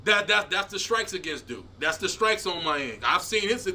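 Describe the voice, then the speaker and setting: A man hosting his own comedy show, ranting and laughing in a loose, animated way, jumping between loud outbursts and low mutters. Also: moderate pace. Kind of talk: stand-up style commentary rant.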